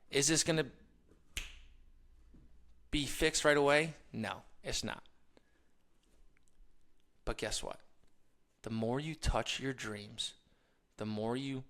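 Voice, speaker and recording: A man hosts a motivational talk with a bright, tense voice at a middle pitch. He tells stories with energy, laughs along with them, and drops to hushed asides before rising to loud emphasis. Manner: energetic storytelling, laughs while telling stories. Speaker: podcast host.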